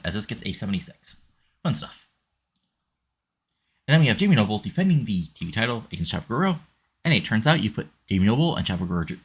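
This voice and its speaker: Deep husky guy casually talking through a wrestling game, lots of you knows. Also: a bit bright. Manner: rambling, many fillers. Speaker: gamer narrating a wrestling sim.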